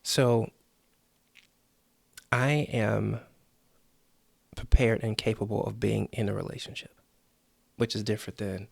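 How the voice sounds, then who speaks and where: A man's voice: fairly low pitch, fairly even intonation, slow pace, gravelly, pauses often, dry recording. A man hosting a motivational podcast, coaching earnestly and acting out the inner voices people hear. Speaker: podcast host.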